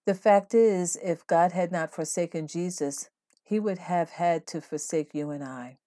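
A woman hosting a devotional podcast, teaching in an earnest, steady way and reading scripture aloud. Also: on the low side, unhurried. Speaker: podcast host.

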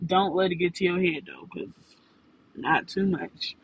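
A woman's voice: fairly low pitch, unhurried, creaky, lo-fi sound, slight background noise. A young woman telling a frank story to her listeners in a rambling, casual way.

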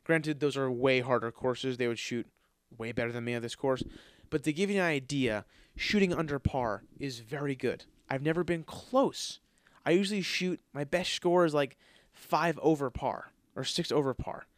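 A man's voice: mid-range voice, moderate pace, no echo. Profane, ranting man, dry close sound. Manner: profane, animated ranting with frequent swearing. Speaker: podcast host. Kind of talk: casual storytelling monologue.

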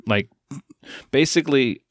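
A man chatting casually with a friend, recounting his experiences in a relaxed way and acting out his own thoughts. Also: mid-range voice, measured pace, no echo, studio quality. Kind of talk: casual chat.

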